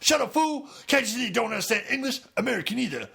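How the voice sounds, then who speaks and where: A man voicing a tough, gruff soldier who growls and shouts orders. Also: very high-pitched, lively intonation, quick pace, voice pushed up, full character voice. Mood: angry.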